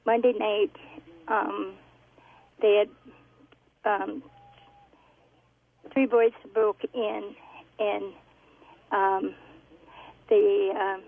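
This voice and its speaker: A woman caller on a tinny phone line, speaking slowly in an even, flat tone. Her voice is a little gravelly, and she hesitates often as she tells her story. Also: mid-range voice. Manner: hesitant, many ums, halting.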